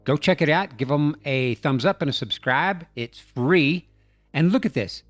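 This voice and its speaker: A man's voice: on the high side, expressive, measured pace, no echo. A man hosting a comedic video breakdown, telling the scene as a playful, joking story. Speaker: YouTube host. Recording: dry voice-over with faint music.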